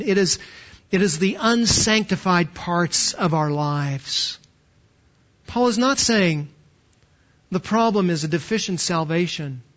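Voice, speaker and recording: Emphatic high-voiced male preacher, lo-fi. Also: fairly bright tone. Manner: emphatic, repeats words when stressing a point. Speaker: pastor. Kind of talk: sermon. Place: church. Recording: dull lo-fi sermon recording.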